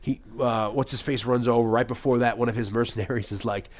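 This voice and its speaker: A man co-hosting a casual movie podcast, retelling scenes with animated energy and quickly acting out lines. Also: medium pitch. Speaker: podcast co-host.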